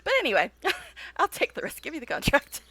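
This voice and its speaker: A woman's voice: sits high, huge pitch swings, a little fast, sharp tone, dry recording. A woman streaming a game, chatting with viewers, telling stories and laughing often. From United States. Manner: chatty storyteller, laughs often, talks directly to chat. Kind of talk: casual chat while live-streaming a game.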